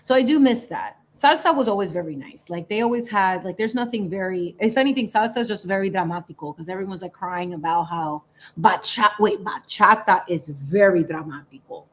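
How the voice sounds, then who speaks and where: Woman host, casual livestream chat, animated and chatty, mid-pitched voice, drops in Spanish phrases. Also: a little fast.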